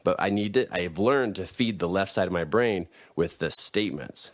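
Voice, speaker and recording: A man's voice: low-pitched, normal speed. A man giving a motivational teaching talk, emphatic and repeating his key phrases.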